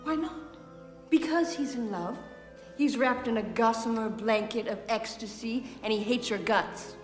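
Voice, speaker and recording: An actress playing a scheming, sneering young bride, taunting and cutting. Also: female voice, fairly high pitch, measured pace, natural voice. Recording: roomy film audio with music underneath.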